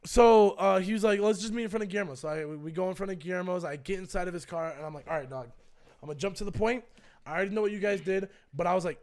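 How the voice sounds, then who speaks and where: A young man tells a personal story on his stream, and his voice sits fairly high for a man. He acts out both sides of the scene in a loose, animated way and swears often. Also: racing. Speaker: streamer and co-host.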